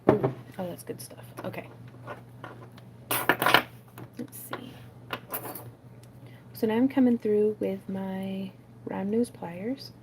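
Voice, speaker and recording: A woman's voice: medium pitch, unhurried, heavy background noise. A woman hosting a craft livestream, chatting casually and rambling with frequent laughs while she makes jewelry. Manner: chatty, rambling, laughs often, many fillers.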